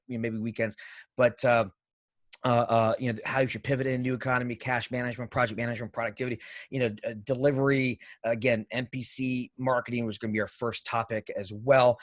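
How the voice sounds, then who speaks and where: Male co-host, mid-pitched, energetic rambling chat, dry sound. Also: no echo. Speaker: podcast co-host. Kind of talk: casual live-stream chat.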